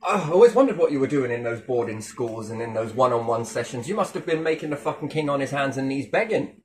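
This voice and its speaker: A man's voice: medium pitch, animated, quick pace, few pauses. A man delivering a mocking, sweary monologue with big sarcastic swings in tone.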